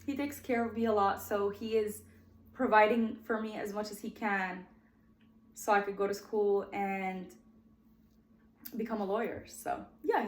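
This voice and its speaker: A woman's voice: mid-range voice, echoey room. A woman in her twenties hosting her own podcast and telling her life story in a chatty, heartfelt way. She is emotional and close to tears at times. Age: 20s. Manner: chatty and heartfelt, often addresses "guys". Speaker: podcast host.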